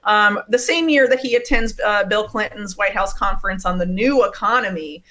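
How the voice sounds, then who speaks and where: A woman's voice: mid-range voice, moderate pace, sharp tone. A woman speaking as an interview guest and investigative writer, explaining at length with many uhs and ums. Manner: detailed, fact-heavy explaining with frequent uhs and ums. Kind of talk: remote interview.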